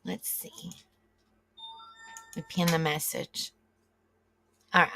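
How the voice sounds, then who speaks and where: A woman's voice: on the low side, fairly even intonation, takes it slowly, vocal fry, bright, forceful tone, faint music behind. A middle-aged woman, hosting a live stream and chatting casually with viewers, rambling and reacting aloud as she reads the chat. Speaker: livestream host.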